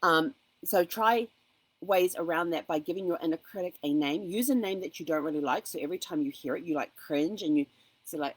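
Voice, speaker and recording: A woman with a lowish voice hosts a casual motivational talk, earnest and encouraging as she shares her own experience. The sound is dry and close, with no room echo. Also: fairly quick. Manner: earnest, encouraging, personal asides. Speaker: host.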